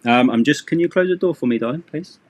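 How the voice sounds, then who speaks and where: A man's voice: a little high, fast, darkish tone, lo-fi sound. Chatty man teaching English. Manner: casual, joking, sarcastic asides. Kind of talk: live-streamed English lesson.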